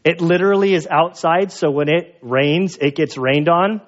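A man's voice: a little high, moderate pace, highs cut off. A man preaching a sermon as a pastor, talking in a casual, conversational storytelling way with fillers.

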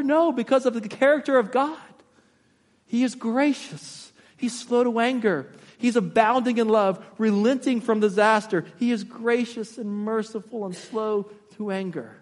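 A man with a notably high voice delivers an impassioned sermon. He keeps turning to his congregation with rhetorical questions. His words ring out with the long reverb of a large church hall. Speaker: pastor.

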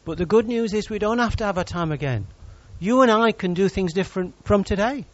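A man's voice: high voice, brisk, dry recording, lo-fi sound. A man preaching a sermon as pastor, teasing and joking with his congregation between points. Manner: lively, teasing preacher who jokes with the congregation.

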